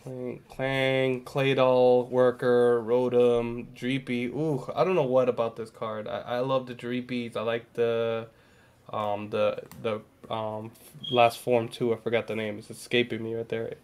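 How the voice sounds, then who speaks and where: A man in the host's seat of a casual stream, talking in a rambling, halting way as he opens trading cards. His pitch sits right in the ordinary middle for a man. He circles back on himself often, with plenty of ums and restarts. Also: little pitch movement, darkish tone, clean tone. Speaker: host opening trading cards.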